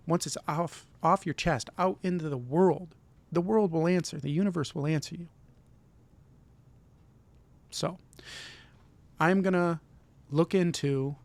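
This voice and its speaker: A middle-aged man from Michigan hosting his own vlog, giving an earnest, encouraging motivational talk and often repeating himself. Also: a little high. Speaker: vlog host.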